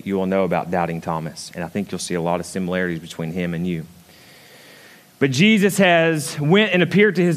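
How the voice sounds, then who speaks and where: A male pastor preaching a sermon, emphatic, swinging between loud high peaks and quiet low asides and putting questions straight to the congregation. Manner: emphatic preaching with big swings in pitch and loudness; calls out and questions the congregation directly.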